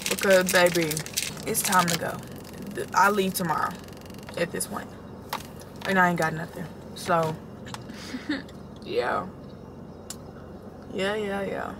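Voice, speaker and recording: A woman's voice: on the low side, steady tone, slow, pauses often, background noise. A young woman vlogging casually to her phone camera, chatty and sleepy, calling her viewers y'all while she runs errands. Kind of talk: casual vlog chat to camera. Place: in a car and around a mall. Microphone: phone camera held or propped.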